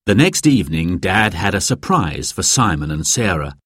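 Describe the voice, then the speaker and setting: A man reading a children's storybook aloud as narrator, in a slow, lively storytelling manner. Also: low voice, husky, dry recording, studio quality.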